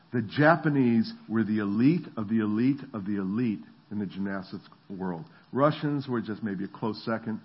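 A middle-aged man preaching a sermon, telling stories in an animated way and acting out the voices of the people in them. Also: on the low side, husky, muffled recording. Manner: animated storytelling, acts out voices. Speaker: pastor.

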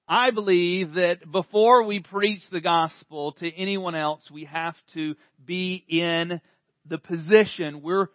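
A man preaching in a high, bright voice, talking to his congregation in a chatty way and then building to emphatic peaks. The recording is dull and dry, with no room sound. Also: no echo. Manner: conversational preaching with emphatic swells. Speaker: pastor. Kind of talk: sermon. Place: church service.

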